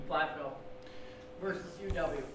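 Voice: medium pitch, moderate pace, fairly bright tone. A man in the audience asking the speaker a short question. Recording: echoey, noisy room, picked up from far off.

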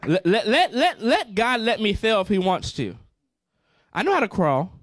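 A man's voice: high voice, huge pitch swings, moderate pace, no echo, clean studio sound. A male pastor preaching a fervent sermon, repeating phrases and calling out to the congregation.

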